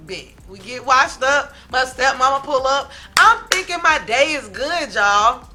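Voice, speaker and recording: A woman spins a dramatic storytime for her viewers, loose and chatty and always calling on "y'all". Her voice is very bright and forceful, with faint music playing behind her. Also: high-pitched, measured pace. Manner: animated, dramatic, talks straight to viewers as "y'all". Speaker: vlogger, storyteller. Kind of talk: casual storytime to camera.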